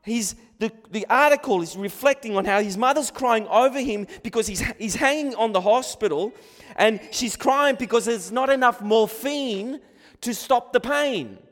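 A man's voice: very high voice, normal speed, a bit bright. An Australian man preaching a sermon, earnest and emphatic, often repeating words as he restarts a thought. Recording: long hall reverb.

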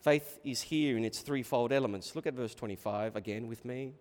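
A man preaching a sermon in a church hall, telling the story with animated, dramatic delivery. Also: mid-range voice, moderate pace, few pauses. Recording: echoey hall reverb.

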